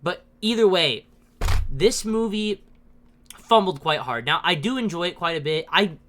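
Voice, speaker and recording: A podcast host in casual movie-review chat, ranting and swearing with plenty of excitement and frequent laughter. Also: mid-range voice, measured pace, a little hiss or hum. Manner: laughs often while talking.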